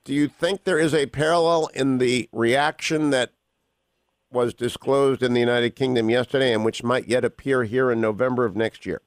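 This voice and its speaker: A man hosting a radio interview, delivering with theatrical emphasis and slowing to stress words. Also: mid-range voice, fairly even intonation, dry recording. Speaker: radio talk show host.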